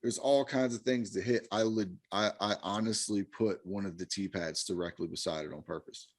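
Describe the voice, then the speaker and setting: A man's voice: fairly low pitch, moderate pace, no room sound. A man hosting a casual interview, asking questions in an easygoing, chatty way that often trails off. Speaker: interview host.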